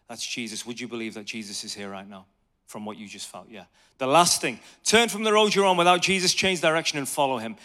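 A man in his thirties preaching a conversational sermon on evangelism, telling lively stories and asking the audience questions. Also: on the high side.

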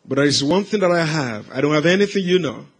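High-voiced man preaching a testimony. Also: expressive, fast talker, breathy edge. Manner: dramatic swings from hushed to shouted. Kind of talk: sermon storytelling.

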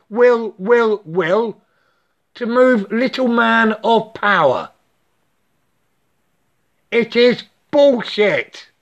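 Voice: mid-range voice, fairly bright tone. A speaker delivering an impassioned solo rant in clipped, broken English, dropping articles, tagging lines with "yeah?" and swearing often in anger. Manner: swears often and vents with angry emphasis. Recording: dull lo-fi recording.

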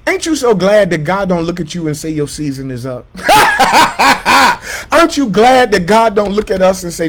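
A man preaching a sermon as pastor. He repeats lines, drops to hushed asides and rises to shouts. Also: sits high, big pitch swings, normal speed.

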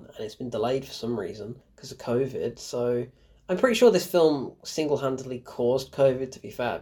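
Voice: mid-range voice, warm tone, breathy edge. A young adult film reviewer talking through a movie in a casual, rambling way, with sarcastic asides and plenty of fillers.

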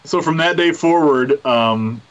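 A man's voice: on the high side, a little slow, a bit bright. A man hosting a casual chat, rambling and repeating his words in an easygoing way. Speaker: podcast host. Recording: slightly dull lo-fi sound.

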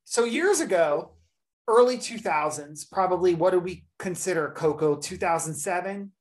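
A woman with a fairly low voice speaks at a normal speed. She's a podcast host spinning a long story in casual chat, animated and acting out the people she quotes.

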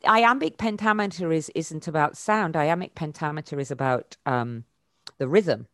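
A woman's voice: deep voice, normal speed, a bit bright, dry recording, clean studio sound. Thoughtful woman voice coach. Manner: thoughtful, many fillers and restarts, emphatic bursts. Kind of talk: interview answers.

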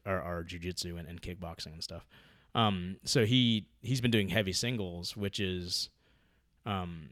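A man chatting casually about his training, rambling with lots of fillers and getting loud when excited. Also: low-pitched, no room sound, studio quality. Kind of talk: casual podcast chat.

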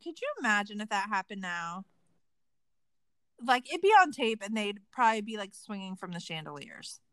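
A woman hosts a casual true crime podcast, speaking at normal speed in a mid-range voice. She's animated and sarcastic and swears freely. The recording is rough, with no room sound.

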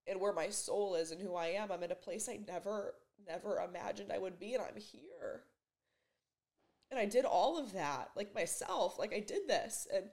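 A woman in her twenties talking in a personal confessional vlog in her bedroom, emotional and halting, with many fillers and restarts. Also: fairly low pitch. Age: 20s. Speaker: vlogger. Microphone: camera mic.

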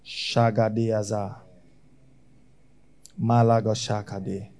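A man preaching a sermon as pastor, swinging between loud shouts and hushed lines. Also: fairly high pitch, lively intonation, moderate pace, pauses often.

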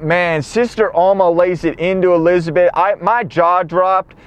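A man's voice: high voice, fairly even intonation, a little slow, clean tone, lo-fi sound. A man hosting a podcast, recapping a film in a rambling, profane monologue while he drives. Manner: rambling, profane, acts out lines. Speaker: podcast host. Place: car while driving.

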